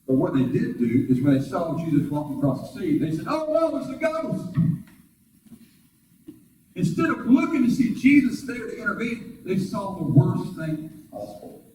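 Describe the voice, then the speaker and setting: A man preaching a sermon as pastor, talking to the congregation in a conversational way with rhetorical questions, and jumping up high in pitch when he acts out quoted voices. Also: mellow, a little hiss or hum. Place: church sanctuary. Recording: very echoey room, voice far from the mic.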